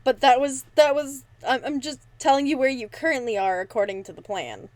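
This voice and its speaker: A woman chats as a player at a tabletop game on a live stream. She is brash and excitable and swears freely. Her voice sits fairly high, and the recording is dry and close. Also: a little fast, no room sound.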